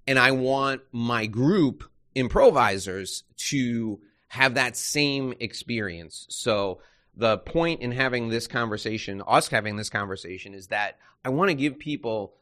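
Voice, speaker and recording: A man's voice: medium pitch, animated, measured pace, a bit bright. A man from New York hosting a podcast interview, talking in a casual, rambling way with many restarts and turning upbeat when he wraps up. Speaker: podcast host.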